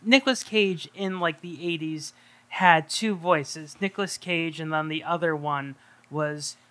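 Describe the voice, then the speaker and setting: Film podcast co-host with a middle-range voice, casual delivery, quick to chime in. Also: mid-range voice, fairly bright tone. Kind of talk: casual film review chat.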